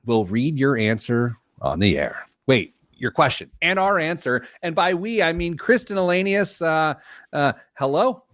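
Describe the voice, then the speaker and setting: A man's voice: on the high side, sing-song, unhurried, a bit bright, no echo, studio quality. A man hosting a money advice show, teasing his co-hosts in playful, self-mocking banter. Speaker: show host. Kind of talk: casual podcast banter.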